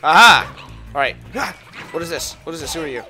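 A man hosting a multiplayer let's play, excitable and loudly protesting at his teammates. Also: a little high, brisk. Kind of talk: multiplayer gaming banter. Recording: game music behind.

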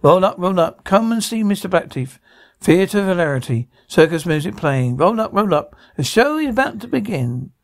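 A man's voice: sits high, sing-song, normal speed. A man voicing a showy, sinister male clown ringmaster who barks out showman calls.

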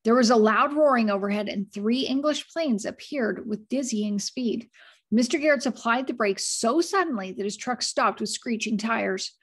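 A woman with a husky, slightly high voice reads a chapter book aloud to children in an easy storytelling way. She stops often to chat with the kids, explain words and hold up pictures. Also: normal speed. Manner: chatty, breaks off to explain and show pictures. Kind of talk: read-aloud storytelling with asides to listeners.

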